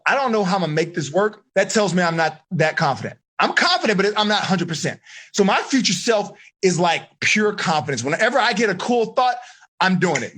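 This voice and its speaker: A man running a live online coaching seminar for teens, talking in an energetic, slangy way straight to the kids. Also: sits high. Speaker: life coach.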